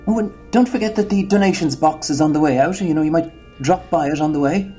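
Man acting as kindly old priest, mild wheedling tone, mellow dark voice, faint music behind. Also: fairly high pitch, fast, natural voice. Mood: gently coaxing. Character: genial older male parish priest. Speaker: priest in a sketch.

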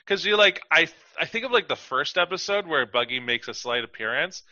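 A man's voice: on the high side, lively intonation, a little fast, bright, forceful tone, dry recording, highs cut off. A man co-hosting a podcast, chatting casually and rambling with lots of fillers and acted-out quotes. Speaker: podcast co-host. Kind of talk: casual chat.

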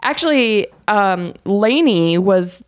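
A woman's voice: medium pitch, animated, slow, dry recording, clean studio sound. A woman co-hosting a podcast, chatting casually and animatedly about a basketball game she watched, laughing often. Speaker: podcast co-host.

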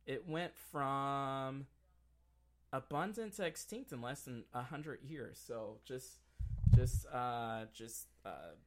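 A man's voice: mid-range voice, expressive, slow, slight background noise. A man hosting a podcast in casual chat, joking and rambling with lots of trailing fillers. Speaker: podcast host.

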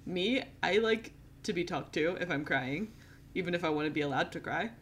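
A woman's voice: lowish voice, moderate pace, a little hiss or hum. A young woman co-hosting a podcast in a casual, chatty way, laughing often. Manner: giggly, animated and chatty. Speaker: podcast co-host. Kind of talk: casual chat.

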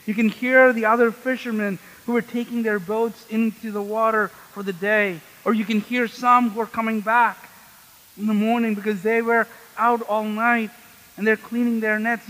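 A man's voice: sits high, a bit bright, in a large hall, low-quality recording. A man preaching a sermon as pastor in a church, conversational and asking the congregation questions.

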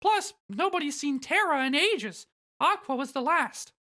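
A cheerful cartoon mouse king squeaks in a strained falsetto. The voice sits far above a normal speaking range and stays bright and upbeat. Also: animated, a little slow, exaggerated voice. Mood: chipper. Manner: falsetto, chipper.

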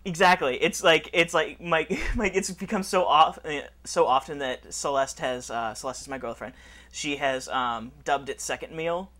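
Bright-voiced man in candid chat. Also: on the high side. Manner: candid, halting, laughs at himself. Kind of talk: casual chat.

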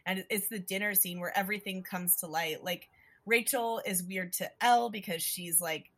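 A woman in casual chat, recapping a movie plot with a lot of energy. She swears freely and jumps into quick voices for each character. Her voice sits at a middle pitch. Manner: animated, swears a lot, acts out characters' lines.

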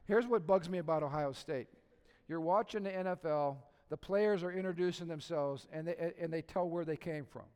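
A middle-aged male pastor preaching a conversational sermon, asking the congregation questions and joking, dropping to a hush and then rising to loud emphasis. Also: fairly high pitch, moderate pace, smooth. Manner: swings from soft and hushed to loud and emphatic. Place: church sanctuary. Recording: long reverb of a church hall.

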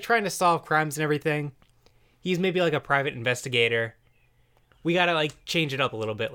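A man's voice: mid-range voice, pushed and bright, clean tone. A man hosting a podcast in casual chat, joking around and laughing often. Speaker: podcast host.

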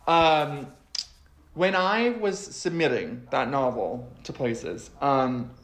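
A man in casual podcast chat as a guest, animated and swearing freely, slipping into exaggerated voices when quoting people. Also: medium pitch, slow pace. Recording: roomy echo.

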